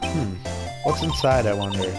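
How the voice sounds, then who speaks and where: A man streaming a game, reading the text aloud with casual, joking asides, over loud game music. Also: fairly low pitch, animated, moderate pace.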